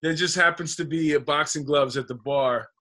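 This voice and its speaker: A man's voice: a little high, moderate pace, sharp tone. A man, an actor guest on a podcast, telling rambling, profane anecdotes in casual chat.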